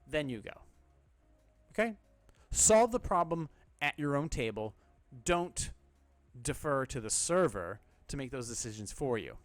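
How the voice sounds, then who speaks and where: Man, podcast host, blunt, sarcastic, profane, middle pitch, dry sound. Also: no echo. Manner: blunt, sarcastic, swears freely. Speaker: podcast host answering listener questions. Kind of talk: casual advice podcast.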